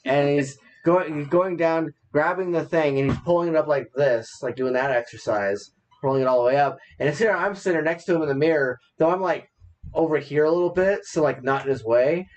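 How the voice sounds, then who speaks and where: A man's voice: a little high, fairly quick, a little mellow, highs cut off. A married man co-hosting a podcast, telling rambling stories in casual chat and laughing at himself. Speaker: podcast co-host.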